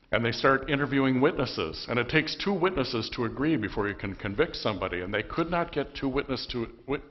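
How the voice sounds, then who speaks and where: A pastor preaching in church narrates the story in a conversational way, punctuated by emphatic bursts. His voice sits in the mid-range, and the recording lacks high frequencies.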